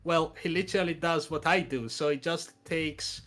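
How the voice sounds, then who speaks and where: A man with an Italian accent, a podcast guest chatting casually and telling his story with expressive energy. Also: on the high side, moderate pace. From Italy. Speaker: podcast guest, content creator.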